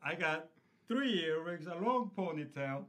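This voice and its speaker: A man's voice: a little high, expressive, a little slow, a bit bright. A man in his fifties, a guest on a podcast, telling rambling anecdotes with many fillers in casual conversation. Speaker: podcast guest, stone restoration business owner.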